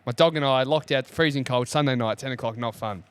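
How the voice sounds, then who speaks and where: A man's voice: mid-range voice, a little fast, clear, resonant tone. Australian man telling a story. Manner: animated storyteller, acts out dialogue. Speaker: co-host. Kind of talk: casual podcast storytelling. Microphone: studio mic.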